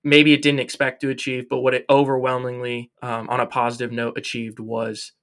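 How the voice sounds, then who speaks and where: Young male co-host, bright edgy voice, animated and jokey, casual chat. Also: medium pitch, fairly quick. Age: young adult. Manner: animated, joking, lots of fillers. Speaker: podcast co-host. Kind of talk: casual film review chat.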